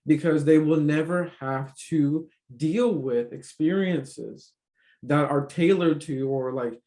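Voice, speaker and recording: A man's voice: fairly high pitch, slow, mellow. A man hosting a casual conversation, talking emphatically with lots of fillers and swearing. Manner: emphatic, profane, filler-heavy. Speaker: podcast host.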